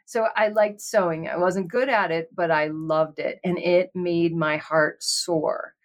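A woman's voice: on the low side, fairly even intonation, a little slow. A woman co-hosting a podcast, talking in a rambling, heartfelt, chatty way. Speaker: podcast co-host. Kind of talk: casual chat.

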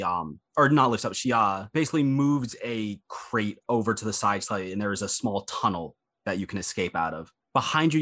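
Low-voiced male game master. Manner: relaxed, rambling, with frequent ums and self-corrections. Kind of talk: narrating a tabletop role-playing game.

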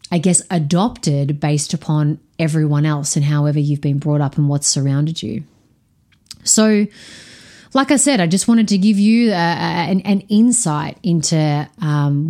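A woman hosting her own podcast as a coach, talking in an energetic, frank monologue and swearing freely. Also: on the low side.

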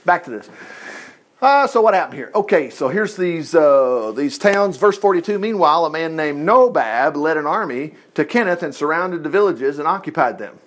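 Animated folksy man teaching Bible. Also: a little high, normal speed. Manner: folksy, jokey, reads scripture aloud and acts out quotes. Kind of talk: informal Bible study teaching.

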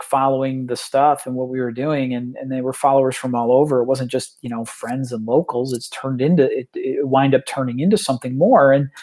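A man talking casually as a podcast guest, rambling with many restarts and fillers, and getting animated as he retells stories. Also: medium pitch. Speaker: tabletop tournament organizer, guest.

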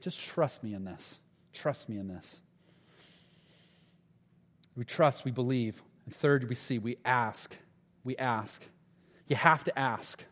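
A male pastor delivers a sermon in a relaxed, conversational way, often slipping into the voices of the people in the story. His voice sits a little high for a man. The sound rings out with the long reverb of a big church sanctuary. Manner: conversational preaching, acts out Bible dialogue. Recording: long reverb of a large hall.

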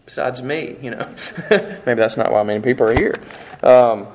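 A man's voice: medium pitch, moderate pace, darkish tone, a little hiss or hum, poor audio. A man preaching a sermon in a conversational way, acting out the voices he quotes and often restarting his sentences. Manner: conversational, acts out quoted voices, self-interrupting. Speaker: pastor.

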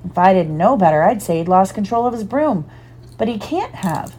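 A woman reading the lines of a huge, kindly, gruff gamekeeper with a rough dialect. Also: medium pitch, animated, normal speed, mellow. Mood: puzzled. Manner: rough dialect, dropped words.

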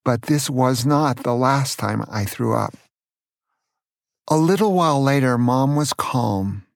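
Older grandpa from california, gravelly voice, dry close sound, telling kid stories slowly and earnestly. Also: male voice, mid-range voice, animated, no room sound. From California, USA. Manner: earnest, gentle, slow storytelling. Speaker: podcast host, grandfather telling his life story. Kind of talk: storytelling memoir.

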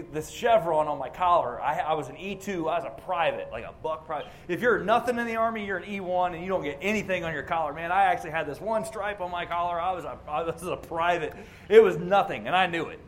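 A man's voice: sits high, slight background noise. A man and racing ministry chaplain giving an informal sermon at a racetrack, telling a personal story in a conversational, plainspoken way.

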